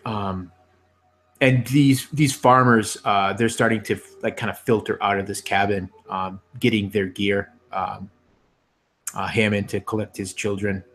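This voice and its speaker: Low-voiced male game master, halting. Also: steady tone, a bit bright. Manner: hesitant, many fillers. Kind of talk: narrating a tabletop game.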